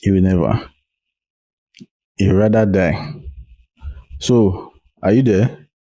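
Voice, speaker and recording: A Nigerian man with a very low, mellow voice and a Nigerian accent hosts a podcast over a remote call. He chimes in with short remarks and slips into pidgin. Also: slow pace. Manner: short interjections, drops into pidgin. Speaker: podcast host. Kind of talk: casual podcast chat.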